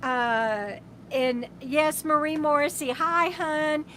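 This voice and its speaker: A woman's voice: sits high, fairly even intonation, slow pace, fairly bright tone, slight background noise. A woman hosts a casual RV live stream from inside her camper, reading viewer comments aloud in an affectionate, rambling way with many restarts. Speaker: RV travel vlogger, host of a live stream.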